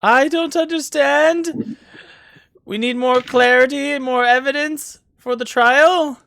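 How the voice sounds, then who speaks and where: Brief: a high, shrill, excitable judge, shouting in a tabletop courtroom. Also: male voice, slow, vocal fry, full character voice. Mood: outraged. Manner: shouting, theatrical outbursts. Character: shrill, excitable middle-aged male judge.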